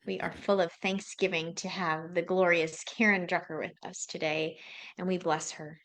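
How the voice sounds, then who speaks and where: A woman with a lowish voice leads an affirmative prayer in a slow, soothing, measured way. She speaks as a minister at a church service, calmly guiding the congregation.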